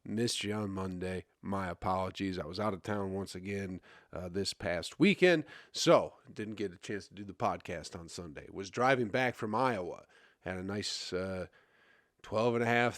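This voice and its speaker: A man's voice: low voice, a little slow, no room sound, clean studio sound. A male comedian hosting his own podcast, rambling in a crude, self-mocking casual monologue full of fillers and stumbles. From USA.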